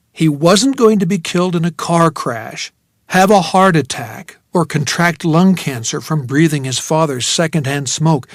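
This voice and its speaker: A man's voice: fairly high pitch, no echo, studio quality. A man narrating a first-person novel audiobook in a wry, reflective manner.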